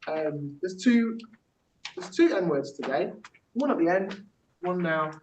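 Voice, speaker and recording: A man's voice: high-pitched, lively intonation, measured pace, noisy background. A man running a workshop, talking in a loose, chatty way with many fillers and restarts, and breaking into spoken-word poetry. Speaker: workshop facilitator. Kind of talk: teaching workshop with spoken-word poem performance. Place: large echoey workshop room. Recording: roomy, distant, dull room recording.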